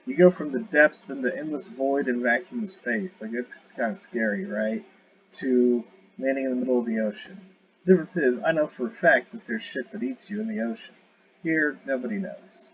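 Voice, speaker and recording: Man, casual gameplay commentary, rambling, self-correcting, mid-pitched voice, noisy lo-fi audio. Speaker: gamer showing a space game. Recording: dull lo-fi audio with clear noise.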